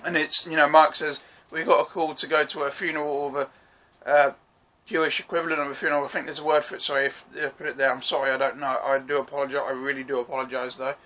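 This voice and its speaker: A man's voice: fairly high pitch, little pitch movement, fast talker, hardly any pauses, bright, forceful tone. A man casually reviewing a TV episode, chatty and apologetic as he recaps scenes with quoted lines. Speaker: TV show reviewer.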